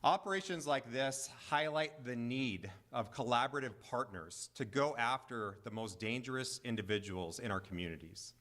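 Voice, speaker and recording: A man's voice: medium pitch, moderate pace, hardly any pauses, a bit bright. Man, county attorney at a press briefing, firm and emphatic delivery. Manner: firm, emphatic, with repeated points. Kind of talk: press conference statement.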